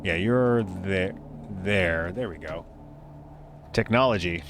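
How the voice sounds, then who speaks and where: A man's voice: low-pitched, slow pace, noisy background. A man running a tabletop game as game master, narrating in a loose, chatty way with plenty of fillers.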